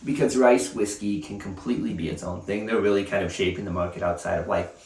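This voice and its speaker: A man's voice: lowish voice, fast talker, a little mellow. A man giving a casual, rambling whiskey review, telling stories with lots of fillers. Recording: roomy, mic at a distance.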